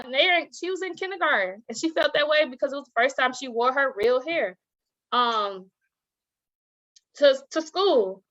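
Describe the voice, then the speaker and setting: As a guest in a casual interview, a teacher and author tells animated stories, acting out the voices she quotes and laughing often. Her voice is fairly high, and the audio sounds dull.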